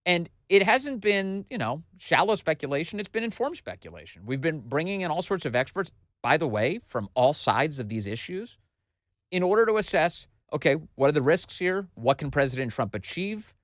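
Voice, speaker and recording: A man in his forties hosts a political commentary show from a studio. His voice sits fairly high and swings widely as he makes his points with animated emphasis. The sound is close and dry, with no room echo. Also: normal speed. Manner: animated and emphatic, talking straight to the listener. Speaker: host.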